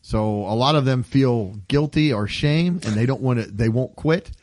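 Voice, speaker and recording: On a casual comedy podcast, this male co-host reads out odd news items and riffs on them, laughing often. He speaks unhurriedly at a medium pitch, with a darkish tone and no echo.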